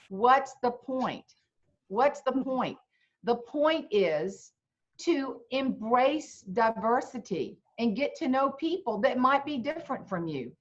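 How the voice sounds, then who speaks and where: A middle-aged woman with a Southern accent, a humorist telling folksy comic stories as a guest on a video chat. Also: high voice. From South Carolina. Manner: folksy, animated, comic storyteller. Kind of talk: storytelling chat. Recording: muffled lo-fi video call audio.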